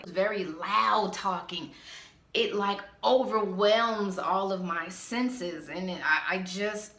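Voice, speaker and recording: A woman with a bright, slightly nasal voice rants bluntly and with sass. The sound carries a noticeable echo of a bare room around her. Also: medium pitch, unhurried. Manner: blunt, exasperated, sassy. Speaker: vlogger. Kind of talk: ranting vlog.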